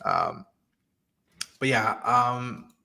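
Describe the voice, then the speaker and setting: A man hosting a casual show review, with a bright, forward tone. He rambles chattily and acts out quotes, filling gaps with "like". He sits close to the mic. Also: medium pitch, very slow, gravelly. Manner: chatty, fills speech with "like" and acted-out quotes. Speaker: podcast host.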